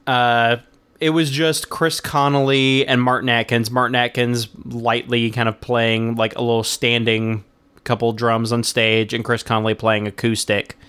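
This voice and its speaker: A man's voice: medium pitch, flat delivery, a little slow, a bit bright, clear, resonant tone. A man co-hosting a podcast, chatting casually in an easygoing way with lots of fillers. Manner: easygoing, filler-heavy talk. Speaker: podcast co-host. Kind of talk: casual chat.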